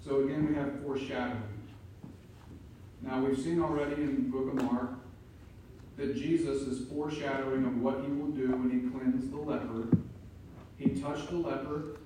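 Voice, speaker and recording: A man preaching an emphatic sermon as pastor, building to loud peaks. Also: mid-range voice, fairly even intonation, normal speed, long pauses, background noise. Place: church sanctuary. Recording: echoey room from far off.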